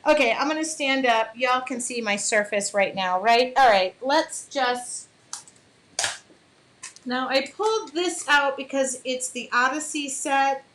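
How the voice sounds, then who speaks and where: Woman, painting instructor, casual live demo, chatty, slightly high voice. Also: unhurried, a bit bright, slight background noise, rough recording. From Michigan. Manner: chatty, greets viewers by name, apologetic asides.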